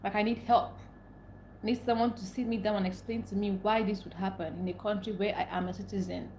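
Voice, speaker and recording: A woman's voice: mid-range voice, fairly even intonation, brisk, a little mellow, roomy sound, a little hiss or hum. A young woman, venting angrily and repeating herself as she talks to her livestream viewers. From Nigeria. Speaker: livestream host. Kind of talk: casual live stream rant.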